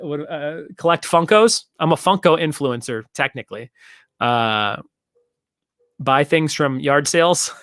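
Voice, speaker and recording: A man's voice: fairly high pitch, fairly bright tone, no room sound, studio quality. A young man hosting a casual live-stream trivia show, joking and rambling as he reads out viewer comments.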